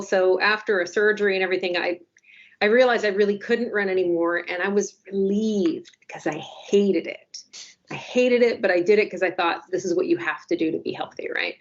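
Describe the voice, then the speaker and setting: A woman in her forties chats on a podcast, telling a story in a wry, self-mocking way full of quick asides. Her voice sits in a middle pitch. The audio is a little dull and lo-fi. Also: fairly even intonation. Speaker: newspaper podcast co-host. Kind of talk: casual podcast chat.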